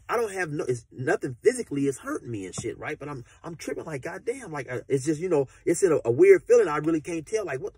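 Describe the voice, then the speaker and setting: Husky man telling a rambling story. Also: on the high side, a little mellow. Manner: laid-back slangy storyteller, profane, rambling. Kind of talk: casual storytelling.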